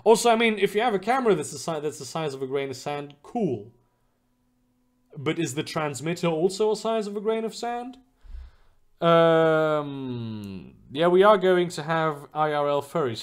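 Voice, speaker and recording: A young man talks loosely through viewer questions on his stream, his pitch rising and falling a lot as he goes. He rambles, restarts his sentences, fills gaps with "uh" and "like", and swears freely. His voice sits a little above the usual for a man. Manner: rambling, profane, with many fillers and restarts. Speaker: streamer answering chat. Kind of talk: casual livestream chat.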